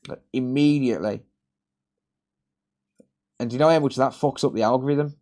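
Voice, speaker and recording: A man's voice: medium pitch, moderate pace, a little mellow. A British man hosting a live repair stream, rambling in casual chat, swearing and laughing a lot.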